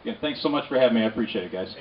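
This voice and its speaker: A man speaking at an outdoor rally in a quick, conversational way, with a habit of repeating "again". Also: mid-range voice. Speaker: politician speaker. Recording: distant, dull lo-fi outdoor recording.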